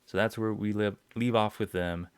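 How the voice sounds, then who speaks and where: A man's voice: lowish voice, fairly even intonation, moderate pace, clear, resonant tone. A young man hosting a podcast, rambling through an episode recap with lots of fillers, swearing and chuckles. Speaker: podcast host.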